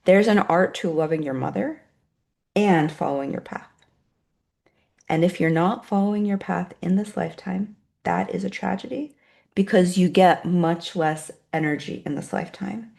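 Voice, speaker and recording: A woman leading a guided meditation for an online group, speaking softly and slowly, then reading out chat replies and teaching more briskly. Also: lowish voice, gravelly. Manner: soft, slow and soothing while guiding, then brisker reading out chat replies. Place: online video session.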